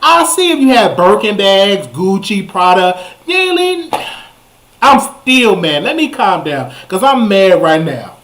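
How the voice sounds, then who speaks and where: A young man hosting a talk show, telling a story in a comic rant that jumps up into high exclamations. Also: unhurried, a little hiss or hum. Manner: animated, jumps to high exclamations, repeats himself. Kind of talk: comedic ranting storytelling.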